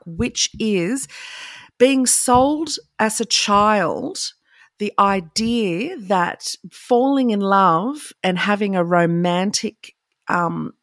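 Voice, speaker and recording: A woman's voice: medium pitch, dry recording, studio quality. A woman in her forties co-hosting a casual chat, candid and impassioned, laughing often. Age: 40s. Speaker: podcast co-host.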